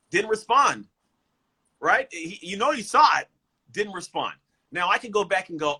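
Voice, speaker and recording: A man who is a motivational speaker and coach, talking in an energetic, emphatic way and often repeating words. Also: on the high side, normal speed, husky, poor audio. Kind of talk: casual motivational talk. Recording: livestream guest.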